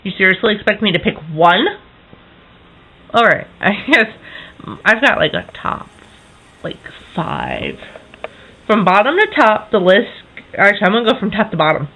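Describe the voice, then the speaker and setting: A woman in her twenties chatting casually to camera as a vlogger, enthusiastic, with quick self-correcting asides. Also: mid-range voice, big pitch swings, pushed and bright, low-quality recording.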